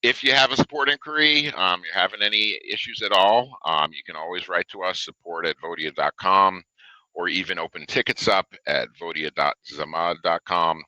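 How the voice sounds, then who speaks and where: A man presenting a software webinar in a loose, conversational way, with lots of fillers, reading questions off a live chat at his desk. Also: deep voice, moderate pace, no room sound, poor audio. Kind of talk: casual product webinar.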